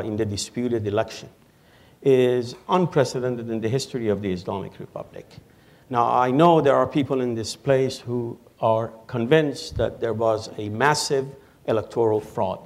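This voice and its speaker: A man, an Iran expert answering on a panel in a lecture hall in a measured, lecturing way. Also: medium pitch, darkish tone. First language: Persian. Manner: measured, lecturing, dry humor. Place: auditorium with audience.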